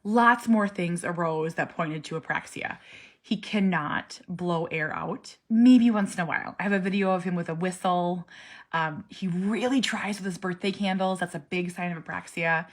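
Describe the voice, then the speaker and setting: A woman in her forties, a parent talking casually to camera, earnest and animated, sometimes dropping to a soft near-whisper. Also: lowish voice, moderate pace. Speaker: parent vlogger. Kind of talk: casual personal vlog.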